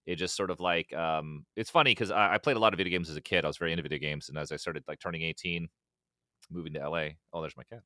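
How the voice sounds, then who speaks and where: A man's voice: low voice, steady tone, quick pace, sharp tone, dry recording, studio quality. A young man, a musician guest, chatting casually on a podcast, rambling with restarts and swearing. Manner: rambling, profane, many restarts and acted-out quotes.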